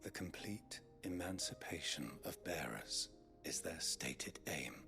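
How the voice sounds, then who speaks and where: A deep, courtly loyal aide. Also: male voice, expressive, slow, gravelly, exaggerated voice. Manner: formal, courtly, deferential. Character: loyal, courtly older male scholar-aide. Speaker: game character. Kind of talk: video game voice acting. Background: game music.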